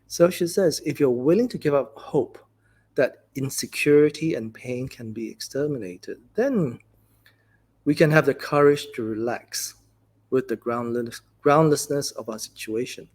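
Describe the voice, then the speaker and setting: A male Buddhist teacher gives a dharma talk with a soft, breathy, slightly husky voice. His pitch sits in the middle of the male range. He talks gently, like a conversation, and tells stories with easy fillers. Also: measured pace. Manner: gentle, conversational storytelling with many "you know"s.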